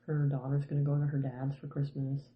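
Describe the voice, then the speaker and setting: A woman's voice: very deep voice, flat delivery, a little fast. Canadian woman cohosting a podcast, frank and chatty, echoey room, kinda dull muffled sound. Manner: chatty, frank, swears casually. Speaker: podcast co-host. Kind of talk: casual podcast chat.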